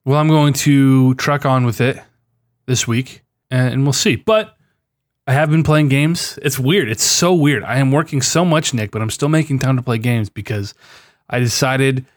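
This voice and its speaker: A young man co-hosting a casual gaming podcast, animated and quick to swear and laugh. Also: mid-range voice, no echo, clean studio sound. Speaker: podcast co-host. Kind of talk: casual chat.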